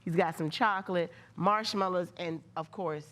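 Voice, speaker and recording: A woman's voice: on the low side, moderate pace, fairly bright tone. A woman guest chef on a morning TV cooking segment, talking in a playful, sassy, joking way.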